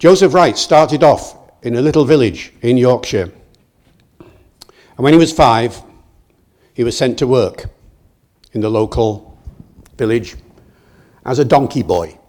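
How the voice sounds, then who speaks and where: An older British man giving a public lecture, telling stories in a lively, digressive way with acted quotes. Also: medium pitch, unhurried, long pauses. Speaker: guest lecturer. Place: lecture hall.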